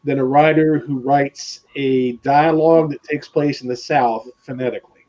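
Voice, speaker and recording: A man's voice: medium pitch, steady tone, moderate pace, a little mellow. A man chatting casually on a live show over a remote call, making dry remarks. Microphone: remote call line. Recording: dull lo-fi call audio.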